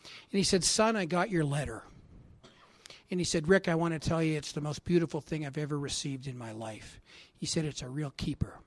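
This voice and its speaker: A man from Canada speaking at a recovery assembly, telling a heartfelt personal story that drops to hushed tones and rises to loud emphasis. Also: a little high, fairly quick, no room sound. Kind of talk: personal testimony talk. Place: assembly hall.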